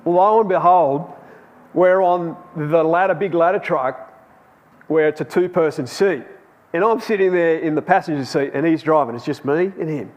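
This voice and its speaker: A man's voice: fairly high pitch, moderate pace. Chatty man preaching. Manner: chatty and anecdotal, with laughs and restarts. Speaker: preacher at a youth Bible class. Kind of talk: storytelling sermon. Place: church hall.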